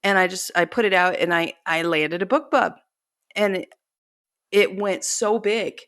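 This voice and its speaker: A woman's voice: medium pitch, a little slow, fairly bright tone, no echo, studio quality. A middle-aged woman author telling stories in a casual interview, chatty and self-deprecating, laughing often. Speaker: author guest.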